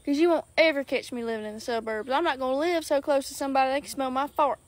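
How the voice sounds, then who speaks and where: A woman's voice: high voice, fast. A woman from South Alabama with a Southern accent, ranting bluntly to her followers in a sassy, folksy way. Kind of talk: outspoken social media rant.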